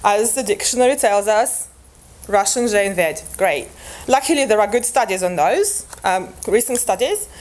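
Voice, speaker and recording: A woman's voice: a little high, a little mellow. A woman presenting linguistics research at an academic conference, explaining step by step with frequent restarts and fillers.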